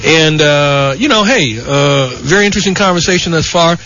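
A middle-aged man rants as a talk radio host, his delivery combative and rambling, studded with "you know" and "okay". His voice sits high and sounds bright. The sound is dull broadcast radio. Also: lively intonation, normal speed, soft background music. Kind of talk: opinionated talk radio monologue.

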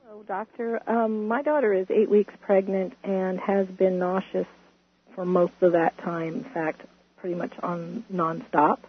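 A middle-aged woman calling a radio show, laying out a family worry in an earnest, steady way. Her delivery stays flat, with little rise and fall. The sound is muffled and carries faint background noise. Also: medium pitch, measured pace. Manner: worried, earnest explaining. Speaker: caller.

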